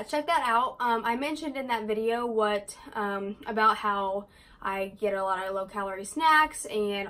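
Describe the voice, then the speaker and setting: A young woman chatting casually to her camera as a vlogger, quick and rambling, full of likes and ums. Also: a little high, a bit bright.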